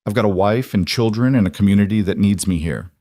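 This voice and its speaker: A man's voice: fairly low pitch, fast, dry recording, studio quality, lightly acted. A man playing a solemn, weary frontier lawman. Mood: steady. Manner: steady and solemn. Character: weary, devoted former lawman and husband.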